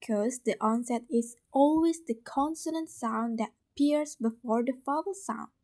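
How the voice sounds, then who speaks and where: A woman student with an Indonesian accent presenting a class video lesson, explaining slowly and carefully with repeated examples. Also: fairly high pitch, a little mellow.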